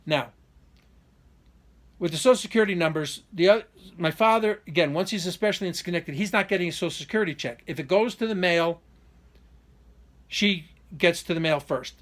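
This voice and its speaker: Indignant, rambling man with a high voice. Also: a little fast, pauses often, fairly bright tone. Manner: rambling, restarts often, indignant and aggrieved. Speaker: vlogger giving a personal update. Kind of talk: unscripted monologue.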